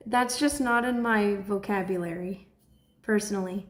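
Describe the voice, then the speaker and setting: A woman's voice: mid-range voice, takes it slowly, pauses often, echoey room. A woman, chatting casually on a livestream and laughing often. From Texas. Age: 20s. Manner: chatty, laughs often, breaks into excited shouts. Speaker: livestream host.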